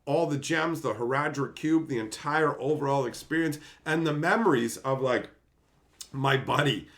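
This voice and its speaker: A man hosting his own channel, telling a casual, animated gaming story that swears now and then and acts out quotes. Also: medium pitch, moderate pace. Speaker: channel host.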